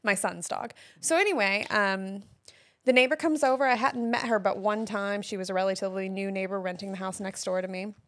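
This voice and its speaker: A woman hosting a casual podcast chat, telling stories in an animated way, laughing often and acting out what people said. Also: medium pitch, a little fast. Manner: animated storyteller, laughs often, acts out quotes. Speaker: podcast host.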